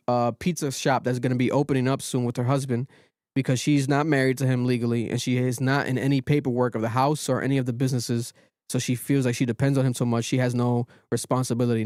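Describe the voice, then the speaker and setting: A man hosting a podcast, recapping a reality show in animated casual chat and swearing freely. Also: mid-range voice. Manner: animated storytelling, swears freely, quotes people in raised voices. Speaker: podcast host.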